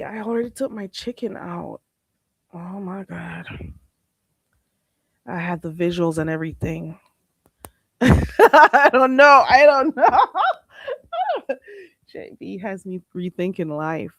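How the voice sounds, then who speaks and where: A woman's voice: fairly low pitch, vocal fry, breathy edge, dry recording. A woman hosting a casual livestream chat with viewers, blunt and sassy, often calling people "baby" and asking "you hear me?". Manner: animated, swinging between loud outbursts and laughter. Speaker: livestream host.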